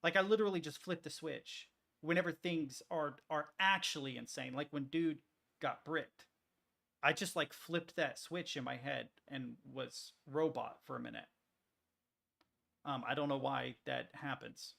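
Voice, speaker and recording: A male streamer with a slightly high, gravelly voice, chatting casually as he works. He rambles, restarts his sentences often and swears freely. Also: steady tone, a little slow, sharp tone. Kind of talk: casual rambling chat while working on stream.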